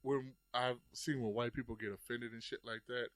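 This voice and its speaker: A man in his thirties talks casually on a podcast in a middle-pitched voice. He tells loose, rambling stories, swears freely and says "like" all the time. The sound is dry and close. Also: level tone, moderate pace, a bit bright, no echo. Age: 30s. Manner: loose, profane storytelling with many "like" fillers. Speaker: podcast host.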